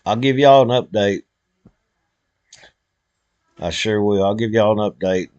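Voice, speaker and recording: A man's voice: on the low side, unhurried, a little mellow, dry recording, lo-fi sound. An older man, speaking an emotional, heartfelt prayer to his live-stream viewers in a folksy way.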